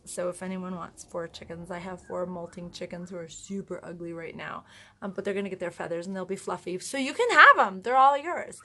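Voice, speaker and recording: A woman's voice: fairly high pitch, a bit bright. A woman in her forties telling a story to camera in a chatty, self-mocking way, laughing now and then. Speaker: vlogger.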